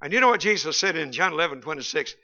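A man's voice: fairly high pitch, lively intonation, very fast, pushed and bright. A male Baptist preacher giving a folksy, humorous sermon that rises to emphatic peaks, recorded in a church on a slightly dull, lo-fi recording.

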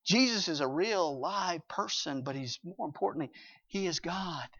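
A man preaching a sermon with emphasis, swinging between loud passages and hushed ones and reading scripture aloud. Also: fairly high pitch, lively intonation, normal speed, slightly rough. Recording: dull lo-fi recording.

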